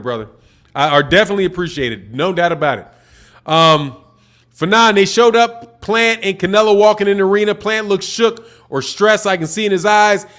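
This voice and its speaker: Laid-back high-voiced Chicago man. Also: a bit bright. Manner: laid-back slangy talk, reading out chat messages. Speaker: livestream host. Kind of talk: casual livestream chat and fight commentary.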